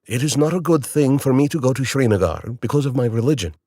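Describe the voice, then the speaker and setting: A man's voice: medium pitch, animated, fast talker, mellow, no room sound, clean studio sound. A man voicing a blunt Indian businessman with an Indian accent and short, matter-of-fact answers.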